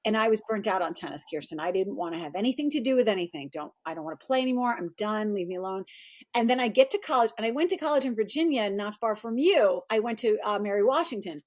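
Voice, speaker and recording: A middle-aged woman, a performance coach, telling her story in a casual interview with animated energy and quoted voices. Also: fast talker. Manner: animated, acts out quoted voices in a high pitch.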